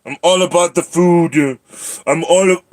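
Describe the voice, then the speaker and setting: A man voicing his house cat in a higher put-on voice, playing it as greedy for food and grudging toward its owner. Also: steady tone, unhurried. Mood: smug. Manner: higher put-on cat voice, louder than his usual talk.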